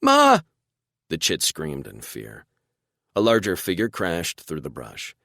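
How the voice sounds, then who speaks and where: A man narrating a fantasy romance audiobook in first person, with expressive storytelling. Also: a bass voice, a little slow, creaky, no room sound, studio quality. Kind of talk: scripted narration.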